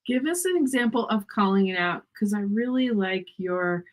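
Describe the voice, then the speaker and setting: A woman's voice: mid-range voice, animated, normal speed. A woman hosting an online summit, asking a guest direct, encouraging questions. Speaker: host. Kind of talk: interview questions.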